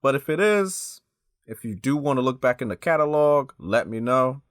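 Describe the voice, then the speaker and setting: A man's voice: medium pitch, animated, normal speed, no echo, clean studio sound. A man giving casual, emphatic commentary as a YouTube host and talking straight to his viewers.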